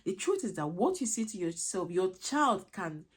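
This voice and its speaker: An earnest woman coaching parents, her voice a little husky and breathy. She keeps circling back with rhetorical questions to press each point home. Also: mid-range voice, big pitch swings, normal speed. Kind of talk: motivational teaching talk.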